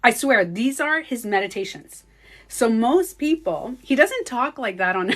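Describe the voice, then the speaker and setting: Woman vlogger, fairly high voice, casual animated storyteller who curses freely. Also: measured pace. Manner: animated, swears freely, acts out quoted speech. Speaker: beauty coach vlogger.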